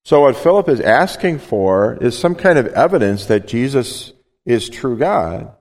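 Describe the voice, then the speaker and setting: A man's voice: mid-range voice, big pitch swings, unhurried, a little mellow. A middle-aged male pastor preaching a sermon, earnest and plain-spoken, explaining step by step. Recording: long hall reverb.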